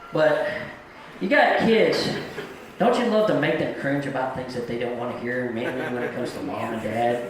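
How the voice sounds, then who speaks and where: A man's voice: mid-range voice, noisy background. Folksy middle-aged man in an echoey club. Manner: folksy, storytelling, plain-spoken. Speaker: stand-up comedian. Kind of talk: live stand-up set. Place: comedy club stage.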